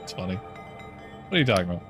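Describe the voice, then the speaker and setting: A male streamer reacts to a story game with dry, cursing asides, half-muttered to himself. His pitch moves a lot, and faint game music sits underneath. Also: sing-song, a little fast, fairly bright tone. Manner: wry and profane, mutters asides. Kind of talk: casual gaming commentary.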